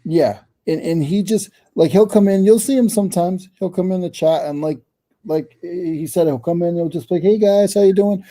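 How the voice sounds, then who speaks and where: A man's voice: high-pitched, normal speed, dark tone. A man chatting casually in an online hangout, earnest, often repeating his words. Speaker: reseller channel host. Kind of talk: casual chat.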